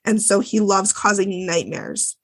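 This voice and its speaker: Gravelly-voiced woman podcast co-host. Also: mid-range voice, unhurried. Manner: chatty, swears freely, lots of fillers. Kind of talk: casual chat recapping a TV episode.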